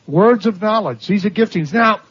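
A man with a high, husky voice tells stories from the pulpit with animation, acting out the voices of the people in them. The recording is dull and lo-fi. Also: normal speed. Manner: animated storytelling, laughing at his own stories, acting out quoted voices. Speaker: preacher. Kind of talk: sermon storytelling.

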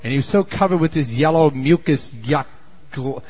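A man preaching a sermon in a folksy storytelling way, dropping to low asides and then shouting for emphasis. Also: moderate pace, slightly rough, highs cut off.

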